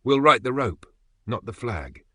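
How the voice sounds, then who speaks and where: A man's voice: mid-range voice, animated, measured pace, bright, forceful tone, slightly rough, dry recording, pitched above the performer's own voice, heavily acted. A man doing a terse, resolute man.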